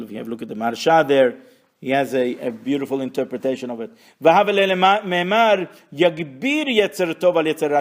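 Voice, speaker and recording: A man teaching a Torah lesson, reading Hebrew phrases and translating and explaining them with wry asides. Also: mid-range voice.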